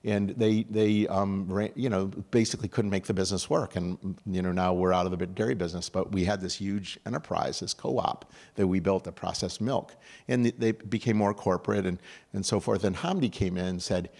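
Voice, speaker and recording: Older man, lowish voice, conference speaker, animated, conversational, restarts sentences. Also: normal speed. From upstate New York, USA. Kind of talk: conference talk.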